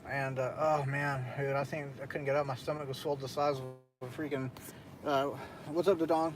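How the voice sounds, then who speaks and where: A man's voice: medium pitch, flat delivery, brisk, over music. A young man hosting a casual late-night stream, telling a story in a loose, profane way with frequent laughs. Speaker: streamer host.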